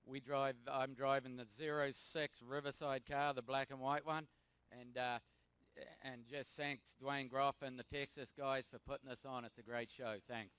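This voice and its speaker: A man's voice: mid-range voice, level tone, normal speed, fairly bright tone, clear, resonant tone, no echo. A man from New Zealand, a race car driver, introducing himself plainly. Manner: plain, matter-of-fact self-introduction.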